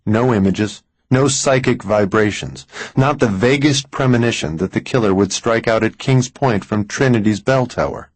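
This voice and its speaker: A man reading a thriller audiobook in an even, deliberate scripted narration. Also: on the low side, dry recording, low-quality recording.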